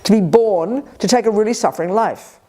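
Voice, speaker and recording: Blunt, energetic woman teaching Buddhism. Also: medium pitch. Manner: energetic, blunt and sharp, with quick asides and colloquial swearing. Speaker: Buddhist nun teaching a retreat. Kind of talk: dharma teaching to a live group. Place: retreat center hall.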